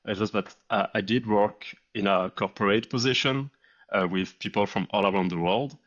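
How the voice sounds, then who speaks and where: A man's voice: lowish voice, normal speed, a bit bright, muffled recording. A French man with a French accent, a startup founder as interview guest, talking in a modest, slightly hesitant way. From France. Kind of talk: casual interview chat.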